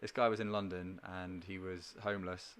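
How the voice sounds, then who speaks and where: A young man in relaxed podcast conversation, his voice sitting a little low. He rambles, stacking fillers and restarting his sentences as he goes. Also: moderate pace. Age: young adult. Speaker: podcast guest. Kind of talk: casual chat.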